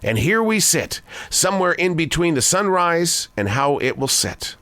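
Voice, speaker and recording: Older male host musing aloud, pitch wanders, slows for emphasis, dry close mic. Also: a bit bright, no room sound. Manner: musing, wandering pitch, quick bursts and slow emphatic phrases. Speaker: broadcaster and daily writer. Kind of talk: reflective spoken essay.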